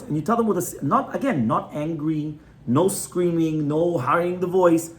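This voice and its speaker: A man's voice: on the high side, normal speed. A man, a rabbi, giving a conversational Torah class in a home, often checking in with his listeners. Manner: conversational teaching, frequent "right?" checks with the audience. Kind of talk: Torah class on child education. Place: residence, small class gathering.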